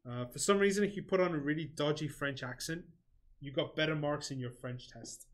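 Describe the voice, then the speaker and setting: A man's voice: fairly high pitch, fairly quick. A man hosting a game livestream, chatting casually and answering viewers between comments on the game. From England.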